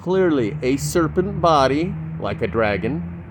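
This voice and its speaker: A man's voice: a little high, big pitch swings, measured pace. A man, walking around a stone building outdoors and talking casually to his own camera as he points things out. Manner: chatty, pointing things out, counting aloud. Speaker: vlogger. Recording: outdoor handheld camera, faint street noise.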